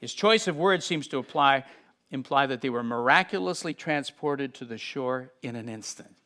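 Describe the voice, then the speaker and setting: A middle-aged man teaching from the Bible, reading aloud and breaking off to explain, with sudden shifts in loudness. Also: mid-range voice, moderate pace. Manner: animated, acts out scenes with sudden shifts in loudness.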